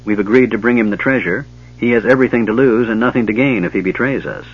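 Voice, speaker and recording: A man voicing a quiet, level-headed male leader of a band of adventurers, in a dull lo-fi recording. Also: lowish voice, quick pace, slightly rough.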